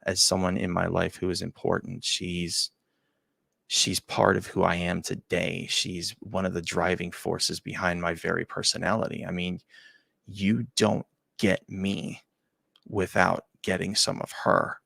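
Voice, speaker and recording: Gravelly low-voiced man, halting and emotional. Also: flat delivery, no room sound. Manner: halting, repeats words, often drops to a quiet near-whisper. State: choked up. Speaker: show host. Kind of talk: emotional personal storytelling.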